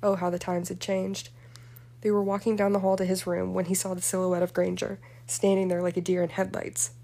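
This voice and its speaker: Woman reading a story out loud, mellow voice, pretty flat and even. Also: lowish voice, brisk, creaky. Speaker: story reader. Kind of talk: audiobook-style reading of fan fiction.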